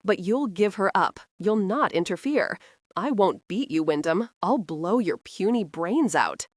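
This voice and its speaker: A woman's voice: mid-range voice, expressive, measured pace, no room sound, studio quality. A woman voicing a middle-aged male gunman who sneers and threatens, in an audiobook. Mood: menacing.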